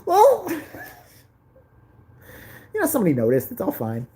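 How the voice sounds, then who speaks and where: A woman's voice: deep voice, lively intonation, moderate pace, dark tone, slightly rough. A middle-aged woman telling a profane comic story about her school days, brash and laughing as she goes.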